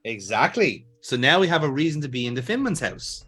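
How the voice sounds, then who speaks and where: A man's voice: medium pitch, very animated, a little fast, fairly bright tone, breathy edge. A man hosting a let's play, making jokey asides and laughing at the game. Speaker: game show host. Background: faint game music.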